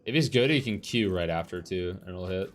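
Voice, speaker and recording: A man's voice: low-pitched, animated, brisk. A young man streaming a competitive game and commenting live, frustrated, swearing and ranting about his teammates.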